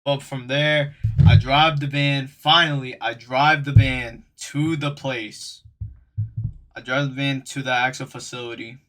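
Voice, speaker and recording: A man's voice: mid-range voice, steady tone, a little slow, a bit bright. A young man telling a story on his stream, talking casually in loose slang and speaking straight to his viewers.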